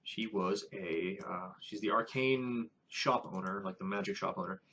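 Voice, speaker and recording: A man's voice: lowish voice, normal speed, fairly bright tone, a little hiss or hum. A man who is a first-time dungeon master, recapping his latest tabletop session in a casual vlog, rambling with many fillers and restarts.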